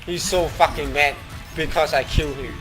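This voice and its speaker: A man's voice: on the high side, steady tone, moderate pace, music in the background, low-quality recording. A young man streaming a shooter game, swearing and taunting the other players as he plays. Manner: swearing, taunting, shouting at opponents. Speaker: gamer streamer. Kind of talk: live game commentary, trash talk.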